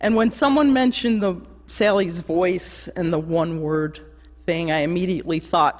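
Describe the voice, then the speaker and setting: Woman eulogist, anecdotal and laughing, long church reverb. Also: fairly low pitch. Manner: anecdotal, laughing, mimics voices. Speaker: eulogy speaker. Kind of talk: memorial remembrance.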